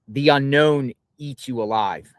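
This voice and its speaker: Calm, affirming interview host. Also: medium pitch, measured pace, clear, resonant tone, no echo, studio quality.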